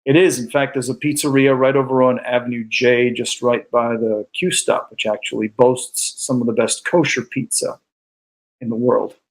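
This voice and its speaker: A man's voice: medium pitch, flat delivery, normal speed, rough recording. A man with a New England accent, a guest musician chatting casually and easily with plenty of fillers. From New York. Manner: easygoing and chatty, with frequent fillers. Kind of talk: casual chat.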